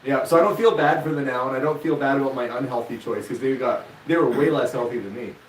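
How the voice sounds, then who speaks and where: A man's voice: mid-range voice, quick pace, distant mic, a little hiss or hum. A middle-aged man, telling stories in a casual live-stream chat and acting out the quotes with jokes. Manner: animated, jokey, acts out quotes. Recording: echoey room, voice from off the mic.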